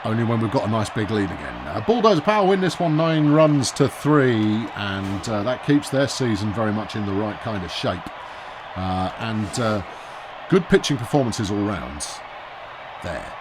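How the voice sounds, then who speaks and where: A man's voice: lowish voice, animated, normal speed, background noise. A man giving wry, chatty commentary while he plays a baseball video game, often talking to himself. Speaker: gaming video host. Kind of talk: let's-play commentary.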